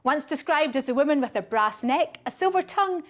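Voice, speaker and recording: A woman reading a scripted introduction with a lively, sing-song delivery. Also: high-pitched, fairly quick. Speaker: narrator. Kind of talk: scripted narration.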